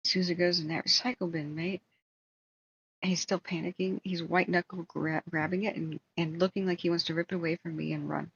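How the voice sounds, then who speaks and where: A woman's voice: fairly low pitch, brisk, creaky, muffled recording, slight background noise. A woman hosting a livestream, telling a long story in a casual, rambling way and breaking off for asides. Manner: rambling, animated retelling with asides. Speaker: livestream host.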